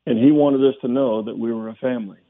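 An older man, a former pro football player, recalling a lesson from his coach in a halting, reflective way with many restarts. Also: medium pitch, fairly even intonation. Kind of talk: storytelling in a phone interview. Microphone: phone. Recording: phone line.

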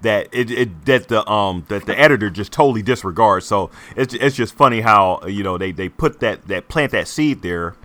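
Low, bright-toned man in halting chat. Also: no echo. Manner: halting, many "um"s and repeats. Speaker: podcast co-host. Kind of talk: casual comic-book discussion.

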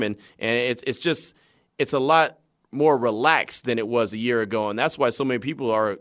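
A man's voice: medium pitch, fairly quick. Conversational male sports radio host. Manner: conversational, animated storytelling with acted asides. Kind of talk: sports talk commentary.

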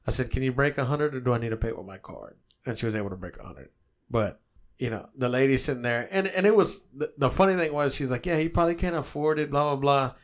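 A man's voice: mid-range voice, fast talker. A man, co-hosting a podcast and telling stories in casual, profane chat. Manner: animated storytelling, swears a lot.

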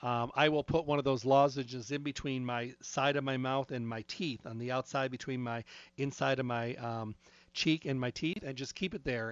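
A man's voice: mid-range voice, dry recording. A man in casual anecdotal chat, talking about health and retelling conversations line by line in a chatty storytelling way. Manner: chatty, storytelling with retold dialogue. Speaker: health talk speaker. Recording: dry, slightly dull lo-fi sound.

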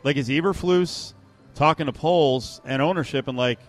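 A man's voice: on the high side, normal speed, soft background music. A man co-hosting a sports talk radio show, rambling and joking between opinions. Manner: animated, rambling, joking asides. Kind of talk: casual sports radio banter.

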